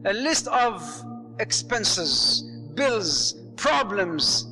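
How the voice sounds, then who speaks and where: A male preacher giving a lively, humorous sermon on marriage, mixing Arabic phrases into his English. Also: sits high, very slow, music in the background. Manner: animated and humorous, acts out quoted voices. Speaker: Muslim preacher.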